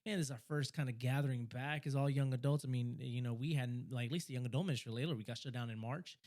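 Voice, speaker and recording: Young man, podcast storyteller, excitable, rushes and stutters, casual chat. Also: medium pitch. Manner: fast, excitable, stumbles and repeats words. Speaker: podcast co-host.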